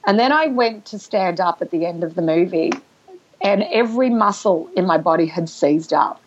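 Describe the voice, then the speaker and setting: A woman guest telling a personal story in conversation, halting and emotional, with restarts and throat-clearing. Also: on the low side, lively intonation. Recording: dull lo-fi recording.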